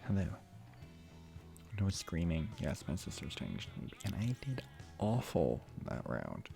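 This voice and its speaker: A young man streaming a game late at night, talking quietly and half-whispering in a rambling, restarting way so he won't wake his sister. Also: low-pitched, big pitch swings, unhurried, creaky. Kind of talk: quiet live stream chat while playing. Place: room at home at night. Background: game music.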